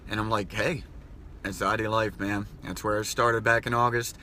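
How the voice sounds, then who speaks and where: A man speaks straight to his followers in a heartfelt, rambling vlog, his voice bright and pushing forward. He repeats himself and chokes up at times. A light hiss of background noise sits under him. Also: lowish voice, flat delivery, normal speed. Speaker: vlogger. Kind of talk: emotional personal vlog.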